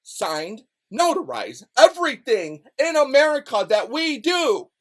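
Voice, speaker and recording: A man rants to camera, loud, heated and full of profanity, circling back to the same phrases again and again. His pitch leaps around constantly as he talks. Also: sing-song, unhurried. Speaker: rapper and vlogger. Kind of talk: angry profane rant.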